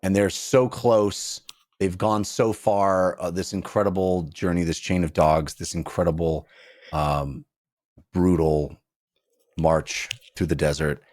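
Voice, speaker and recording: A man's voice: sits low, slow pace, dry recording, studio quality. A man hosting a book podcast, talking casually and playfully acting out scenes from the novel. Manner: animated, acts out characters in funny voices.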